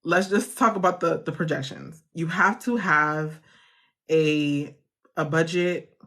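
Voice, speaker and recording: A woman's voice: low voice, slow. Reassuring woman host, laughing and restarting. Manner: warm, reassuring, laughs often, many restarts. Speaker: host of a live funding chat. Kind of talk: casual live-stream talk to viewers.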